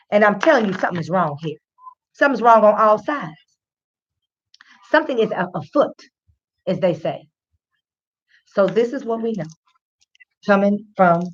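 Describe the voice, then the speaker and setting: A woman giving casual legal commentary, lively and folksy, talking straight to her viewers. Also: on the low side. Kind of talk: casual commentary to an online audience. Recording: dull lo-fi sound.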